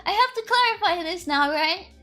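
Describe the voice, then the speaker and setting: A woman's voice: very high voice, animated, normal speed, sharp tone. A woman streamer chatting casually with her audience on a live stream. She giggles often, is sarcastic and swears freely. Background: faint lo-fi music.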